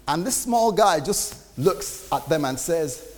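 A man's voice: on the high side, expressive, slow. A man, a pastor, preaching a sermon in a conversational way and acting out quotes. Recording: reverberant hall with faint noise.

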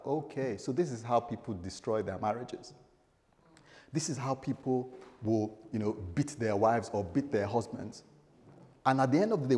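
A man's voice: medium pitch, a little mellow. A middle-aged man preaching a sermon, telling a story dramatically with humorous asides to the congregation. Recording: echoey hall.

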